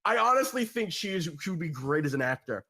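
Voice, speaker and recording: High-voiced young man telling a story. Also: fast. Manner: animated, profane, laughing storyteller. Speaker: podcast co-host. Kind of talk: casual storytelling.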